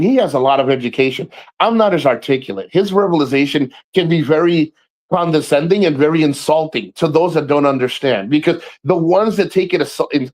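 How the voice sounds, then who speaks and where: A man hosting a casual livestream, talking to viewers by name and ranting in a profane, animated way with frequent laughs. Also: on the high side. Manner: laughs often and repeats himself. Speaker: livestream host.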